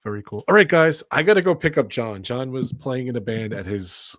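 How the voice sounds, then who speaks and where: A man's voice: mid-range voice, animated, brisk, a bit bright, dry recording. Chatty guy cohosting a stream, laughs a lot, dry close sound. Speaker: podcast co-host. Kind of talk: casual livestream chat.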